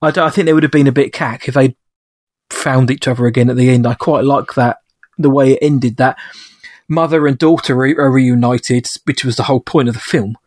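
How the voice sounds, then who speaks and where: Chatting about a film on a podcast, a male co-host speaks fairly quickly in a steady, mid-range, darkish voice. He rambles and jokes, often restarting and correcting himself. The studio sound is clean, with no room sound.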